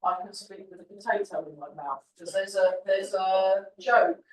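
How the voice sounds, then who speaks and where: A woman's voice: mid-range voice, normal speed, recorded from a distance. Woman teaching in an echoey hall. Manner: chatty, rambling, encouraging. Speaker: tai chi teacher. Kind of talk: teaching a class while demonstrating. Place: large roomy class hall. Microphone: camera at a distance.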